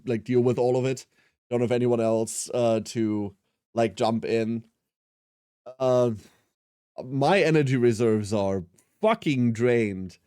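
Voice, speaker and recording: A man's voice: medium pitch, a little mellow, smooth, no echo, clean studio sound. A man in his thirties streaming a game, chatting casually and rambling with self-mocking humour as he answers chat. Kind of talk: casual live-stream chat while gaming.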